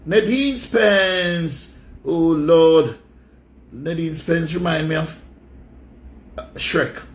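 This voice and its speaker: Jamaican man, high voice, mocking countdown commentary, rambling, loud drawn-out callouts.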